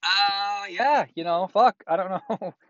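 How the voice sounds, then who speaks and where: A man's voice: high-pitched, slow pace, a bit bright, no room sound, muffled recording. A man reads a listener's letter aloud and breaks in with crude, profane, sarcastic comments. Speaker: host reading a listener's letter.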